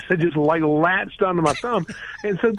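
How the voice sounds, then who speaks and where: A man who runs a reptile rescue, telling animated stories as a radio interview guest and acting out the quotes. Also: fairly high pitch, a little slow, noisy background. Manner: animated storyteller, acts out quotes.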